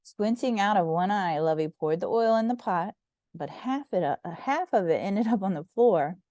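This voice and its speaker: A woman reading a children's storybook aloud with gentle, expressive narration. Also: medium pitch, normal speed, no room sound, clean studio sound. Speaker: storybook reader.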